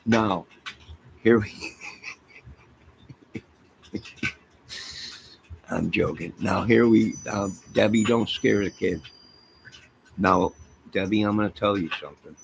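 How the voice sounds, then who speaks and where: A man's voice: on the low side, measured pace, vocal fry, long pauses. A man hosting a casual livestream from home, rambling through stories and talking to his chat and his pets. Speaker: livestream host chatting with viewers. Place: home apartment by a fire. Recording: steady background noise.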